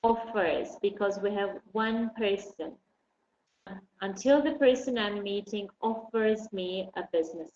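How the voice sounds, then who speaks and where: A woman's voice: medium pitch, expressive, unhurried, a little mellow. A woman teaching an English class, asking students questions and encouraging them patiently. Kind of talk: online class lesson. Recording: dull roomy recording with faint noise.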